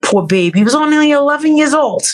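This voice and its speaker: A woman's voice: high voice, expressive, fast talker. Blunt, swearing woman in casual talk. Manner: blunt, swears freely, laughs often. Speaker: guest. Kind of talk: casual interview chat.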